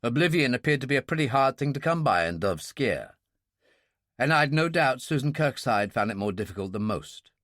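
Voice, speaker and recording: A man narrating a first-person thriller audiobook in a dry, measured, wry way. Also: mid-range voice, expressive, fairly bright tone, dry recording.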